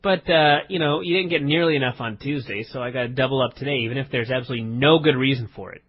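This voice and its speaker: A man's voice: mid-range voice, fast talker, husky. A man co-hosting a podcast, teasing his partner in a rambling, mock-serious casual chat, on dull lo-fi audio. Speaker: podcast co-host.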